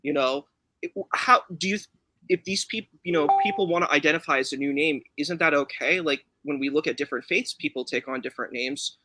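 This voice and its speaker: Male interviewer, bright forceful tone, curious and polite, dry sound. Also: on the high side, brisk, no echo, poor audio.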